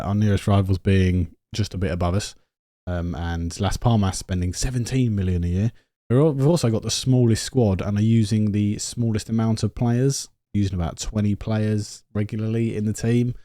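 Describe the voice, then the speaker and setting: Excitable man commenting a football sim. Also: on the low side, normal speed, dry recording, studio quality. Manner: excitable, shouts at the match then drops to quiet musing. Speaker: gaming YouTuber. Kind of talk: casual commentary over a football management game.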